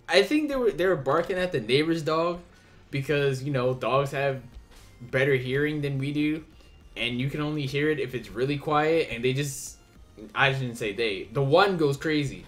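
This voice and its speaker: A young let's play host reads game characters' lines in playful put-on voices and chats casually, swearing a bit. He has a medium-pitched, slightly bright voice at a moderate pace, with soft music in the background.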